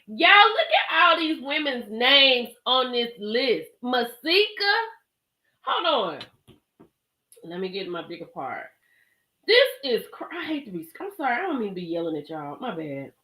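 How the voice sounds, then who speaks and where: A woman hosting a casual live stream, talking straight to her chat in an animated way and often laughing and exclaiming. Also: a little high, measured pace. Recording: echoey room.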